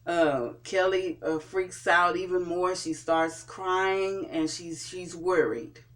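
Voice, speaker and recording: A vlogger recapping and reviewing a TV episode in a casual way, pausing often and restarting sentences. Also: medium pitch. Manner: hesitant, with frequent fillers and restarts. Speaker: TV show reviewer.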